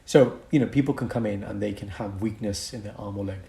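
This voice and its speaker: A man who is a doctor and podcast co-host, explaining a medical condition in a casual, lively chat. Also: on the low side, fast, creaky. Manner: explains medical topics, lively, slips into mock accents.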